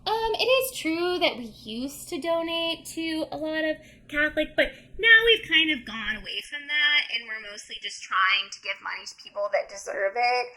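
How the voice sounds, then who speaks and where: Young woman podcast host, bright high voice, chatty plot recap with quick character voices. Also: expressive. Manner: retells the plot, acting out the characters' lines. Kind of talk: casual book recap chat.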